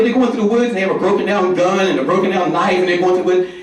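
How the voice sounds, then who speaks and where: Male organizer, slightly high voice, animated folksy storyteller, heard from far back in an echoey hall. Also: racing. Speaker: community organizer giving a conference talk. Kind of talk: conference speech. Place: conference hall.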